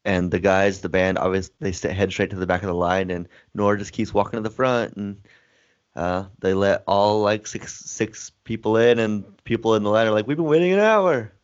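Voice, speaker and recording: A man's voice: fairly low pitch, flat delivery, moderate pace, clear, resonant tone, lo-fi sound. Easygoing man chiming in on a movie. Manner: easygoing, chimes in with scene details. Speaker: podcast co-host. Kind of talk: casual movie recap chat.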